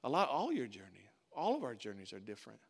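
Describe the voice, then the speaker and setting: A man's voice: mid-range voice, wildly swooping pitch, fast, creaky. A male pastor preaching a sermon in an informal, conversational way, repeating words for emphasis.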